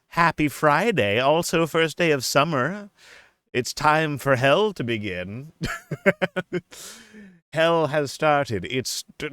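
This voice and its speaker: Slow, lively young man streamer. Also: a little high, no room sound, clean studio sound. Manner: playful, laughs often, drifts into a silly put-on accent. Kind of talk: casual live-stream chat.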